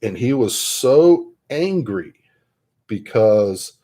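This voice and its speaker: A man's voice: mid-range voice, expressive, very slow, warm tone. A man telling a rambling, self-interrupting tabletop gaming story in a casual way while painting at his hobby desk. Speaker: miniature painter and tabletop gamer.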